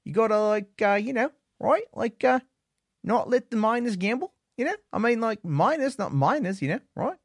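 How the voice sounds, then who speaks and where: A whiny, exasperated Australian bloke, as a man puts him on in a mock accent that keeps sliding toward Kiwi. The voice jumps well above the speaker's usual pitch and bounces around a lot, pleading through fillers. The sound is dry and close. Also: lively intonation, moderate pace, no room sound. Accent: mock Australian drifting toward Kiwi. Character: exasperated Australian bloke scolding casino staff.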